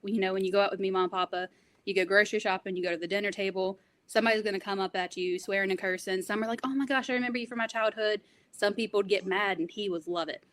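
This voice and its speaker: A woman speaking briskly as a podcast guest. She tells stories with energy and slips into other people's voices. Her pitch sits in the middle range. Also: no echo. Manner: fast, animated storytelling, quotes others' voices. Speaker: guest, wrestler's granddaughter. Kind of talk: podcast interview, personal stories.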